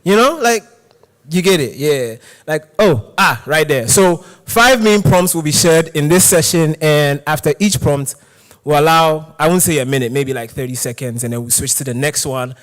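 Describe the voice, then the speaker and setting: A young man from Ghana hosting a conference game session, energetic and joking, talking to a live audience. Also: on the high side, normal speed, big-room sound. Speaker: session host. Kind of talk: hyped conference game host. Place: conference hall.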